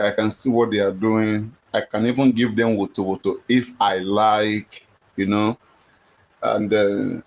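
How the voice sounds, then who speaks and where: A man hosting a casual livestream, rambling and boastful. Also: fairly low pitch. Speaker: livestream host.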